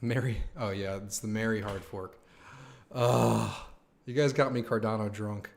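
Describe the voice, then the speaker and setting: A young man hosting a live stream, chatting casually with his viewers, excited and slangy, swearing and saying "man" and "dude" a lot. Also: lowish voice, a little slow, creaky, slight background noise. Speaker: livestream host.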